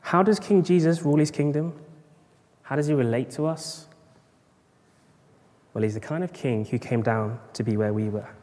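Preacher in an echoing hall. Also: male voice, on the high side, moderate pace, pauses often, a little mellow. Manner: rhetorical, builds up in bursts of emphasis. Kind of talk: sermon. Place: church at a morning service. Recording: long reverb of a large church hall.

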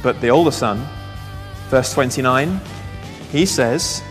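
A man preaching a sermon, telling a Bible story with lively asides and questions to the congregation. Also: mid-range voice, takes it slowly, soft background music. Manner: animated storytelling, reads scripture aloud, asks the congregation questions. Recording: long reverb of a large hall.

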